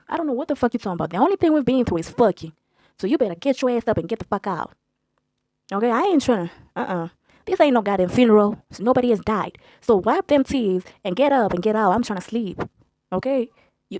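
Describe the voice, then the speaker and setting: A young woman telling a story in a blunt, profane, animated way as a storytime vlogger. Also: a little high, no echo. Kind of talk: casual storytelling.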